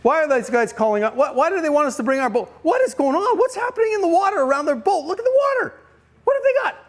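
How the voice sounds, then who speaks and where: A preacher playing eager, nosy fishermen. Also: male voice, very high-pitched, voice pushed up. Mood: excited, curious. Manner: excited, teasing, rapid questions.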